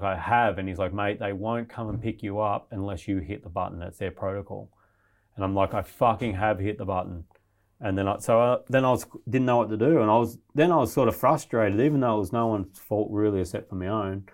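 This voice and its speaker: Man, low-pitched, swears constantly, animated and rambling as he retells a survival ordeal. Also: a little fast. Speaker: guest telling a survival story. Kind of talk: casual storytelling.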